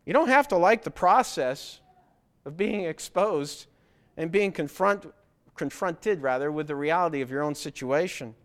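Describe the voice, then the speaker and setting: Male preacher with a high-pitched voice, earnest and exhorting, putting pointed questions to the congregation. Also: animated, measured pace, fairly bright tone. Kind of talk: sermon.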